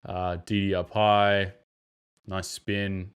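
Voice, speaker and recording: Deep-voiced man breaking down basketball. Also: slow pace, clean tone. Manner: animated, bursts into loud mimicry and exclamations. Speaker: podcast host. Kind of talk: casual basketball game breakdown.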